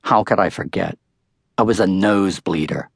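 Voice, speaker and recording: A man's voice: low voice, normal speed, dry recording, clean studio sound. Wry older man reading an audiobook. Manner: wry, storytelling first-person narration. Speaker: author-narrator. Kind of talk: audiobook narration.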